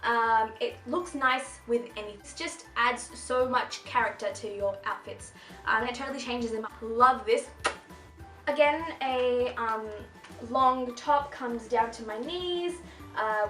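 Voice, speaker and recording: In her twenties, this fashion vlogger has a bright, high-pitched voice and chats her way through a casual clothing haul, bubbly and rambling with many asides. A camera mic catches her in a roomy, echoing space with faint music underneath.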